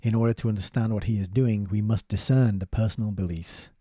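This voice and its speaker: A man's voice: lowish voice, fairly quick, dry recording, studio quality. A man reading a book aloud and breaking off into casual, chatty commentary. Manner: steady reading broken by chatty asides with fillers and laughs. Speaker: book reviewer.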